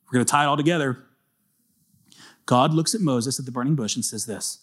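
Animated man preaching a sermon. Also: mid-range voice, a little fast, long pauses, husky. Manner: conversational, animated storytelling. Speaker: pastor.

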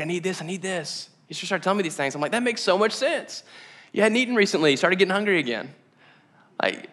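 Male pastor, high bright voice, animated conversational sermon, long hall reverb. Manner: conversational and animated, rising to emphatic exhortation.

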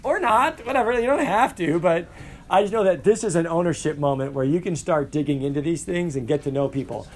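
Middle-aged male teacher, higher voice, lively classroom lecture with faint room hum. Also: brisk. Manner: animated, asks the class questions.

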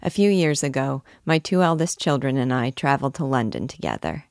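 A middle-aged woman guiding listeners through a classic novel, reading passages aloud and commenting on them in a measured, reverent way. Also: extremely low pitch, animated, a little mellow, no room sound, studio quality. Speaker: book discussion guide.

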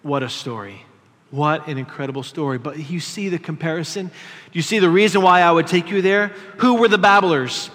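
An earnest man preaching as pastor, reading scripture aloud with emphatic weight. His voice sits a little higher than most men's. The sound carries a long reverb, as if filling a large church sanctuary. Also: moderate pace, fairly bright tone.

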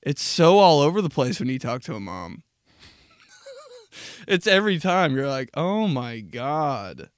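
Speaking on the high side with a sing-song lilt, moderate pace and long pauses, a twenty-something man hosts a podcast. He riffs comedically and casually, cursing freely, cracking himself up and launching into mocking impressions.

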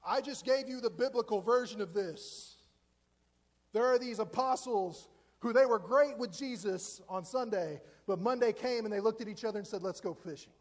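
A man's voice: high voice, moderate pace. A man in his forties preaching a conversational, joking sermon in a church. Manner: conversational, joking, self-deprecating. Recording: long hall reverb.

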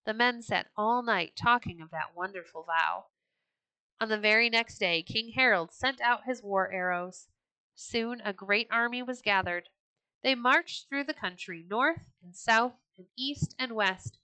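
A woman storyteller giving scripted storybook narration in a clear, steady reading voice. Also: medium pitch, measured pace, no echo, low-quality recording.

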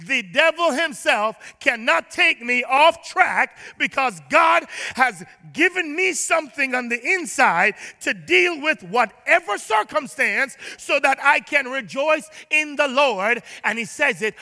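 High, bright-voiced preaching man. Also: lively intonation, unhurried, hardly any pauses, big-room sound. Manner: emphatic preaching that swings from shouting to low asides; calls on the congregation to respond. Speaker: pastor. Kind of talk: sermon. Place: church sanctuary.

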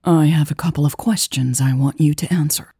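A stern, seasoned woman intelligence expert, voiced by the narrator, speaking coolly and firmly. The voice is low and husky and the delivery is slow, heard dry and close as in an audiobook. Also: mellow, dry recording, heavily acted. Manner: stern, cool.

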